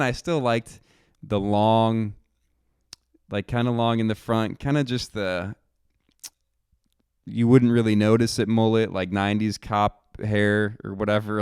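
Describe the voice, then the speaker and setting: A man's voice: on the low side, darkish tone, smooth, no room sound, clean studio sound. A young man rambling through a casual monologue, swearing freely and acting out what he and others said. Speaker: podcast host telling a personal story.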